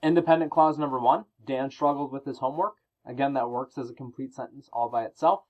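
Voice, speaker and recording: A man's voice: medium pitch, fairly quick, highs cut off. A male teacher explaining grammar rules in a recorded lesson, talking through examples with fillers and occasional self-corrections.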